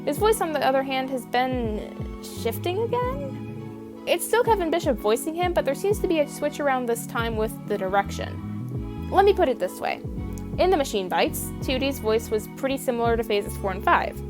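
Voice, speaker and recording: A woman's voice: high-pitched, expressive, a little fast, music in the background. A young woman narrating a scripted video essay in a wry, opinionated, casually profane manner.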